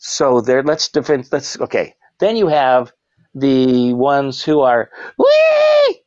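A man who works as a clown, telling stories in a casual interview, animated and quick to laugh, jumping into high shouted voices when quoting people. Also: no room sound, highs cut off. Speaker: professional clown, guest.

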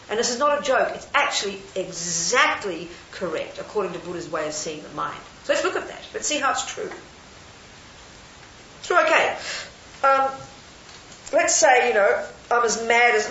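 An older woman, a Buddhist nun, giving a lively, chatty talk to a live audience and often asking them questions. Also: a little high. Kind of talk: casual dharma talk to an audience. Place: hall with an audience. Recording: roomy, lo-fi, faint hiss.

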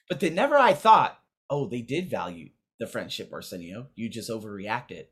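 A young man telling a casual, profane story about friends, animated and quoting people in raised voices. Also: mid-range voice, moderate pace, breathy edge. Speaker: vlogger.

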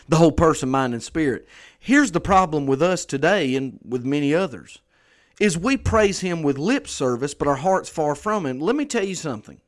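A male pastor with a fairly high-pitched voice gives a conversational sermon, speaking earnestly and repeating phrases for emphasis.

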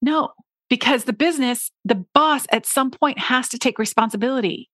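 A woman's voice: sits high, normal speed, fairly bright tone, no room sound, clean studio sound. A woman in her forties hosting a solo podcast, talking to her listeners in an earnest coaching way and acting out her own past complaints. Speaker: podcast host, business coach.

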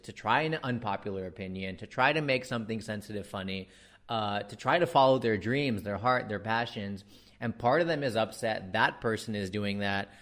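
A man with an American accent, a comedian giving a ranting monologue, animated and exasperated, swearing freely and dropping in fillers. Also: lowish voice. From United States.

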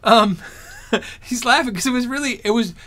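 A man with a high, bright voice chats casually to his viewers. He rambles through anecdotes with animated energy, speaking as a streamer. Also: normal speed. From Arizona. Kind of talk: casual storytelling chat.

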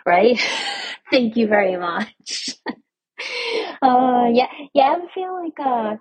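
A woman's voice: medium pitch, animated, slow pace, slightly rough, no echo, rough recording. A woman hosting her own podcast, talking candidly in a casual spiritual monologue, swearing freely, laughing often and checking in with listeners with "right?". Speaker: podcast host.

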